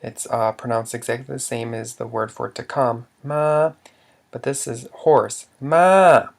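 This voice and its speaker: A man's voice: mid-range voice, little pitch movement, moderate pace, creaky. A man teaching a language lesson, explaining rules patiently step by step with some fillers.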